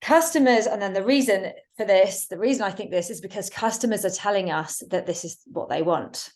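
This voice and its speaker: A woman teaching workplace communication in a webinar, with a clear, emphatic delivery and deliberate pauses. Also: mid-range voice, darkish tone. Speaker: communication trainer.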